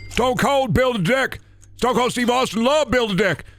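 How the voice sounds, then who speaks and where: A man doing a hyped shouting wrestler promo. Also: very high voice, normal speed, no room sound, studio quality, soft background music, voice pushed up. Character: gruff shouting male wrestler persona, hyped.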